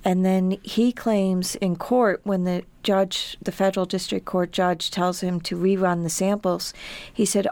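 A woman's voice: fairly low pitch, fairly even intonation, darkish tone, no room sound. A middle-aged woman, a farmer and author, speaking emphatically as a guest in a radio interview. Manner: emphatic, intense, pauses and restarts when emotional.

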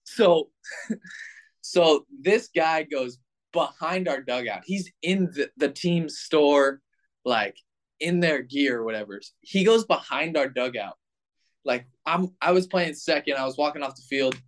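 Animated young man telling a story. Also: a little high, measured pace. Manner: animated, lots of "like" fillers. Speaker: baseball player telling a story. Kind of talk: casual storytelling.

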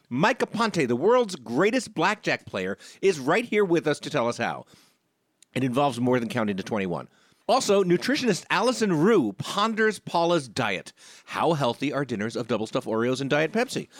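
A middle-aged man hosts a comedy podcast with dry, wry humor. His voice sits a little high and swings animatedly in pitch. The sound is close and dry. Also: no echo. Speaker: podcast co-host.

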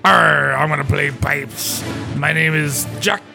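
A man putting on a slow-drawling pirate piper. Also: fairly high pitch, steady tone, gravelly, music in the background, heavily acted. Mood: mocking. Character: swaggering male pirate piper, boastful.

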